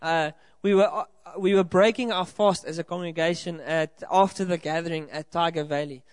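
High-voiced preaching man, dry sound. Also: steady tone, normal speed, clear, resonant tone, dry recording. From South Africa. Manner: earnest and encouraging, addresses the congregation directly. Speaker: pastor. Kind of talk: sermon. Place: church hall with a congregation.

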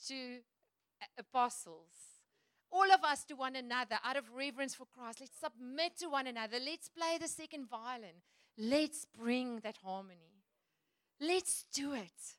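Bright-voiced woman preaching. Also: sits high, animated, normal speed, no room sound, studio quality. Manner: earnest, chatty, laughs easily. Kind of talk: sermon. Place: church.

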